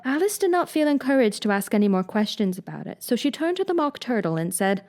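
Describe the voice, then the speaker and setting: A woman reading a classic children's book aloud as audiobook narrator, in even storytelling narration. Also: fairly high pitch, fast talker, few pauses.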